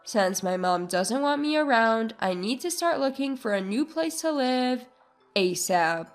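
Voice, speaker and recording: A woman narrating a first-person story in a slow, measured way. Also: a little high, expressive. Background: faint music.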